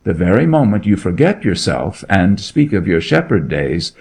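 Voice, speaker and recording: A man's voice: sits low, very animated, normal speed, vocal fry, a little mellow, slightly rough, full character voice. A man reading a story aloud, voicing a grim and menacing duke who interrogates with cold authority. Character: grim, menacing nobleman, a middle-aged duke.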